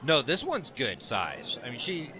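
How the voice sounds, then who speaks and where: A man co-hosting a podcast, telling a story in a casual, animated way and laughing often. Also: mid-range voice, measured pace, background noise. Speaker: podcast co-host.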